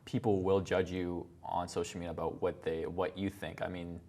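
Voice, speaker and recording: A man's voice: low voice, little pitch movement, normal speed, mellow. A young college man on a student panel, talking casually and leaning on lots of "I mean"s. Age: young adult. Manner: filler-heavy, many "I mean"s.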